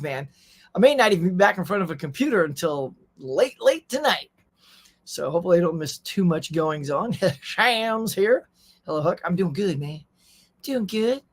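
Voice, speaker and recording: A man hosting a casual morning livestream, chatting easily and reading viewer messages aloud. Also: high-pitched. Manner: chatty, reads chat messages aloud, says y'all. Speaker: host.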